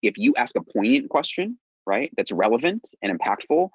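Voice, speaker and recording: A man's voice: mid-range voice, very animated, normal speed, husky, no echo, dull audio. A man in casual podcast chat, explaining his ideas at length and often checking in with "right?". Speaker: sales podcast co-host.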